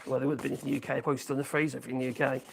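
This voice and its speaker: A man's voice: mid-range voice, level tone, racing, gravelly, slight background noise. A man hosting a live stream, giving blunt, rambling, opinionated commentary on the news.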